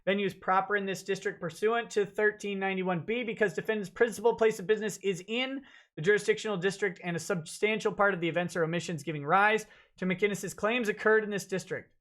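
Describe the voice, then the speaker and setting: Reading dense legal text from a lawsuit complaint on his live stream, a man keeps breaking off for blunt, jokey sarcasm. His high voice is steady in tone, fast and a bit bright.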